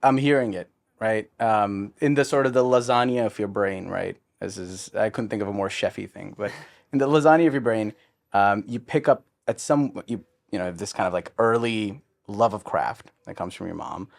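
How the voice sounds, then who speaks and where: A man's voice: lowish voice, normal speed, gravelly. A man hosting an interview, asking questions in a curious, casual way and affirming often with "yeah". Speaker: interview host.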